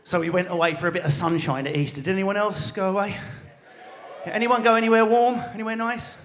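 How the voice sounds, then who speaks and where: High-voiced Essex man ranting on stage. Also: steady tone. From England. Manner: rapid, swearing, mock-outraged rants with frequent shouting. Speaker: stand-up comedian. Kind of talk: live stand-up routine. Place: large theatre stage. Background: audience laughter.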